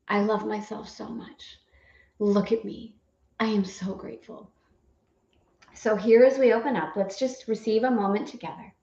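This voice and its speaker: A woman's voice: mid-range voice, normal speed, mellow, highs cut off. Playful woman leading affirmations in a roomy space. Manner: playful, effusive, laughing often. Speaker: spiritual course guide. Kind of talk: live guided affirmation session.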